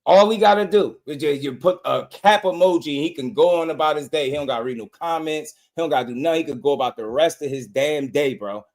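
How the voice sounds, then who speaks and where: A man's voice: on the high side, fast talker, few pauses, darkish tone. A man hosting a boxing channel, delivering a heated, confrontational rant full of repeated lines. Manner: fired-up, repetitive, confrontational.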